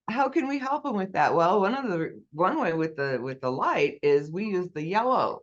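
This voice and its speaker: A guest in a casual interview, earnestly explaining a product step by step. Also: mid-range voice. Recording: dull lo-fi audio.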